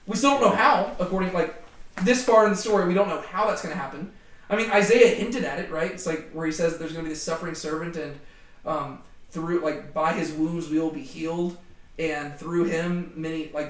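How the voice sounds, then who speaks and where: A man leading a casual Bible study, talking in an animated way with many fillers. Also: on the high side, brisk. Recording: echoey room, distant from mic.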